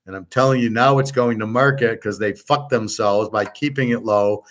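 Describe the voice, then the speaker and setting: A man's voice: lowish voice, moderate pace, a bit bright. A middle-aged man hosting a betting and economics class, talking in a blunt, profane, rambling rant and lecturing listeners as his students. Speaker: host.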